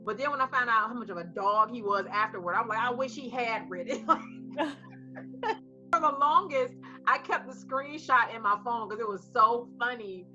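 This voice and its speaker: A woman co-hosting a casual chat, telling a story in an animated way and acting out the voices of the people in it. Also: a little high, moderate pace, faint music behind. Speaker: co-host. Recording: slightly muffled recording.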